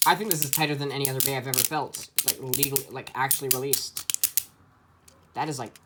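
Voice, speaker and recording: A man's voice: medium pitch, little pitch movement, fairly quick, heavy background noise. A man giving a casual, enthusiastic toy review, chatty and full of ums.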